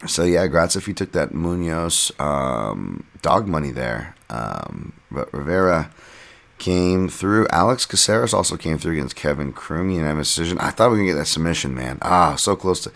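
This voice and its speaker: A man's voice: very deep voice, lively intonation, moderate pace, vocal fry, a bit bright. A man hosting a podcast, casually recapping fights in a rambling, self-deprecating way with lots of fillers. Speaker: podcast host and fight analyst.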